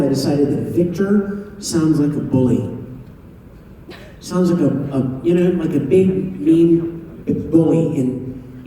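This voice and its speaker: A man's voice: a little high, warm tone, slight background noise. Playful man in an echoey hall. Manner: playful and teasing, laughs often, spells words out letter by letter. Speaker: voice actor guest at a fan convention Q&A. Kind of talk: casual convention Q&A. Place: large convention hall. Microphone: handheld phone camera from the audience. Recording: echoey convention hall from far off.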